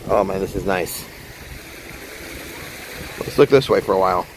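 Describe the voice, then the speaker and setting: Deep-voiced and speaking at a moderate pace, a man chats in a loose, rambling way to his live-stream viewers while walking outdoors in a theme park next to a fountain. The audio is poor, with wind and splashing water behind him.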